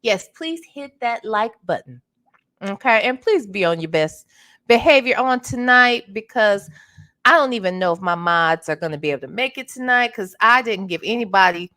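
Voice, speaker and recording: A slightly hoarse woman hosting a casual late-night livestream, chatty and greeting viewers by name, calling them honey. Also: mid-range voice, bright, forceful tone. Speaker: livestream host.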